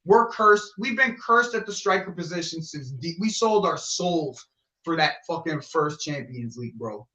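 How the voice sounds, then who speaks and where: A man's voice: on the high side, normal speed. A man co-hosting a casual football podcast, swearing and ranting with lots of energy. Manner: animated, swears a lot, rants. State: agitated, rattled. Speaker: podcast co-host.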